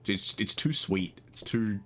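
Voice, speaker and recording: A man's voice: fairly low pitch, lively intonation, a little slow, bright, forceful tone, slight background noise. A young man streaming live, chatting casually and rambling with frequent restarts and casual swearing.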